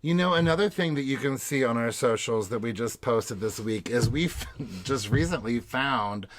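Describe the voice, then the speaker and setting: A man's voice: medium pitch, animated, moderate pace. A man co-hosting a podcast in playful, casual chat who laughs easily and teases his partner. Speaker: podcast co-host.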